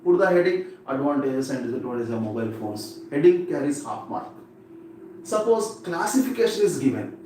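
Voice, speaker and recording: Echoey far-off Indian English teacher. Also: male voice, medium pitch, big pitch swings, fairly quick, a little mellow. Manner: repetitive, instructive, checks in with "okay?". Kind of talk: live exam-prep lesson. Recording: echoey room from far off with faint noise.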